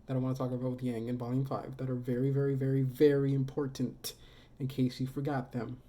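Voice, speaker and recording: A woman's voice: rumbling low, little pitch movement, fast, dark tone. A woman casually retelling story scenes in a video essay, rambling and correcting herself as she goes. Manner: rambling, many fillers and self-corrections.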